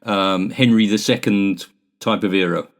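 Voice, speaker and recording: A man's voice: on the low side, measured pace. An older man, a former sailor co-hosting a casual chat, playful and full of questions. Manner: playful, asks questions, chuckles. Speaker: podcast co-host, ex-navy.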